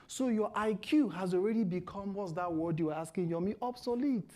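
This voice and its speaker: A man's voice: high voice, fairly quick, darkish tone. A man who is a lawyer speaking on a panel, emphatic and lecturing the audience. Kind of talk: panel discussion.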